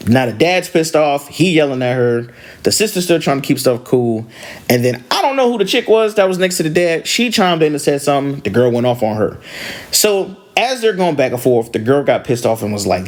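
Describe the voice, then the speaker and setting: A man hosting a podcast, casually telling a story from driving rideshare, animated and full of slang. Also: a little high, brisk. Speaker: podcast host and rideshare driver.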